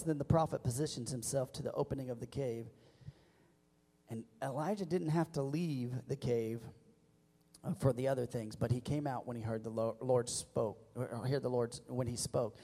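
A man preaching a sermon as pastor, leading the congregation in call-and-response and building to loud emphatic peaks. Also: on the high side, moderate pace. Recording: long church reverb.

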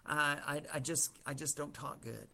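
Picture a hesitant Moses who stumbles over his words and keeps doubling back, as a Bible teacher puts him on, pitched a little higher than a typical man's voice. He sounds unsure of himself and plainly reluctant. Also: steady tone, moderate pace, gravelly, pushed and bright, full character voice. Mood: pleading. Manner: stammering, self-deprecating. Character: hesitant stammering male Moses.

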